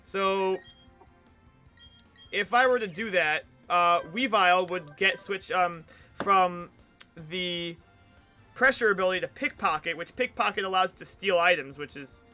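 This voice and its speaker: A man's voice: high-pitched, a little slow, pushed and bright, soft background music. A man giving casual, rambling let's play commentary while streaming a video game. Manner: rambling, chatty, many fillers.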